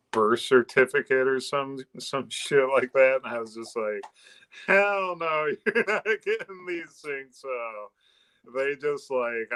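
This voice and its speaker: A man's voice: lowish voice, a bit bright, dry recording, low-quality recording. A man co-hosting a casual podcast chat, laid-back and slangy. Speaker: co-host.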